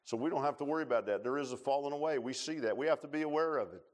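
A man preaching a sermon in a church, telling stories in a folksy way and swinging between loud rises and quiet low passages. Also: very fast. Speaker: pastor. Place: church sanctuary.

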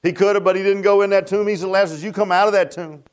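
Rapid-fire and steady in tone, this older pastor's high voice carries a fervent revival sermon. His delivery is folksy and repetitive, with frequent "huh?" aimed at the congregation.

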